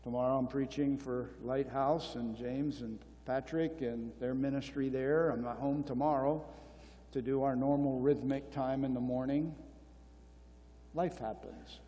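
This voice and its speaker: A man's voice: medium pitch, fairly even intonation, unhurried, warm tone. An older man answering questions at a marriage conference, earnest and exhortative, repeating key phrases. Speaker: conference speaker. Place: church hall. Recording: long reverb of a church hall.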